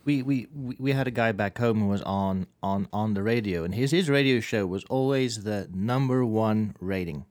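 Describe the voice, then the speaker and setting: A man from South Africa co-hosting a podcast, telling stories with lively energy and stumbling restarts. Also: on the low side, normal speed, few pauses. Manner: lively storytelling, repeats words when starting. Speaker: podcast co-host. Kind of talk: casual chat.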